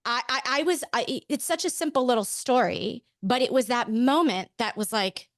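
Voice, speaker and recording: A woman's voice: fairly high pitch, moderate pace, dry recording, studio quality. Candid storytelling woman from Pennsylvania. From Pennsylvania, USA. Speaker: podcast guest. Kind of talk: casual interview storytelling.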